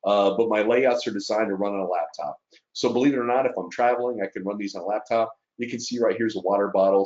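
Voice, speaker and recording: A man with a fairly low voice gives a casual webinar talk about his trading. He speaks earnestly and emotionally, full of fillers and little "right?" check-ins. The audio sounds dull and lo-fi. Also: darkish tone. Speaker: trader presenting to fellow students.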